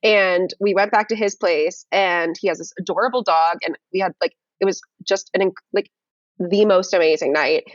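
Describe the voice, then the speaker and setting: A young woman telling a dating story in casual conversation on a video call, animated and full of fillers. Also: on the low side, moderate pace, no echo, lo-fi sound. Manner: animated, many fillers and restarts. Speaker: guest.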